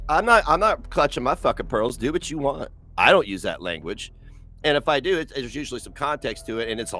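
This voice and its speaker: A man's voice: medium pitch, pushed and bright. A man ranting on a livestream in a profane, mocking, sarcastic way. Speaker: streamer.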